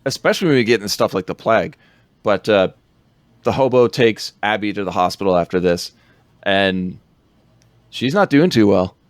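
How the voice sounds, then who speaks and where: A man's voice: fairly low pitch, expressive, normal speed, pauses often, dry recording. A man co-hosting a podcast, rambling through a film recap in casual chat, laughing often.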